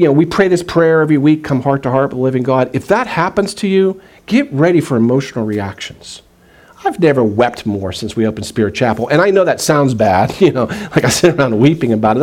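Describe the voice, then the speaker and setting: A man pastor giving a conversational sermon, reading scripture aloud slowly and earnestly. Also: a little high, darkish tone.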